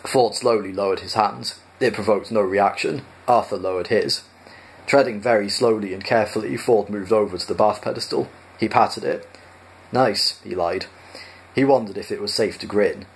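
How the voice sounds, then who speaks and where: A man reading a comic science-fiction novel aloud, narrating in a dry, even manner. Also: on the low side, normal speed, creaky. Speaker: storyteller.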